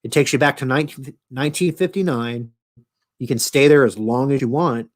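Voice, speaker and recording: A man voicing a strange old man who is calm, matter-of-fact and drawls with casual swearing. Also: mid-range voice, brisk, lightly acted.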